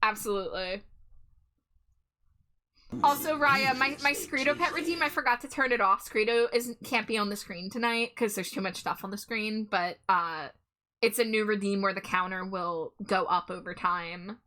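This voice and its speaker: A woman's voice: medium pitch, moderate pace, sharp tone. A young adult woman streaming live, chatting casually and playfully, laughing often. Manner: giggly, playful, breaks into frequent laughter.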